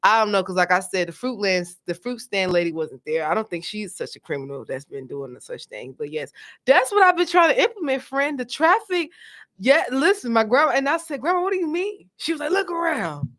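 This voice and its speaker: Woman, talk co-host, casual chat, animated storyteller. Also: medium pitch, a little fast. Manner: animated storytelling, trails off and restarts. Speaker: podcast co-host.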